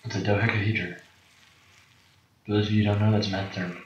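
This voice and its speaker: A man's voice: on the low side, level tone, fast, noisy background. A young man joking around while coaching a friend through a video game. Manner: joking, teasing. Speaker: gamer. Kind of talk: casual gameplay commentary. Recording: echoey room, far mic, dull sound.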